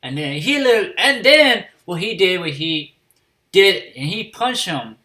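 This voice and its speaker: A man giving a casual spoken review of an anime episode, swearing freely and filling pauses with fillers and restarts. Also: high-pitched, big pitch swings, sharp tone.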